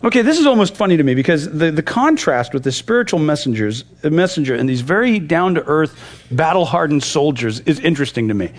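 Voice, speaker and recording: Animated, conversational man teaching scripture. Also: a little high, a little fast. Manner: conversational, retells scenes in lively paraphrase. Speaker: pastor. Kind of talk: verse-by-verse Bible teaching.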